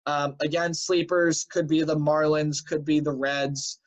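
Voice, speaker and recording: Fairly high-pitched and a little slow, this sports show host speaks with little pitch movement. Tired and yawning, he recaps the week's news chattily, leaning on "um" and "uh" and making offhand predictions over dull, lo-fi home audio.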